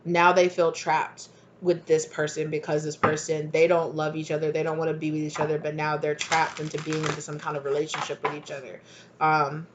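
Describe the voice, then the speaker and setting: A woman's voice: deep voice, monotone, brisk, noisy background. A woman giving a casual tarot reading, chatty and full of fillers, laughing now and then. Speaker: tarot reader.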